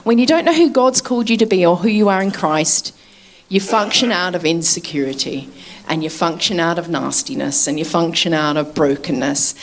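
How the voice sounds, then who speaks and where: A woman's voice: on the low side, normal speed, a little hiss or hum. A woman preaching a sermon in a chatty way, laughing often and asking her listeners to agree.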